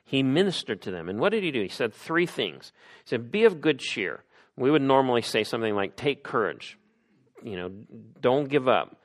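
A man's voice: medium pitch, big pitch swings, a little fast. A man preaching a sermon, talking it through with rhetorical questions to the congregation. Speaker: pastor.

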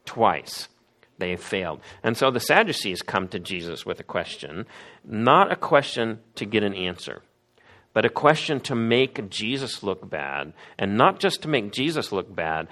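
Male preacher, lowish voice, emphatic sermon delivery that acts out the quoted voices. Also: very animated, unhurried, pushed and bright.

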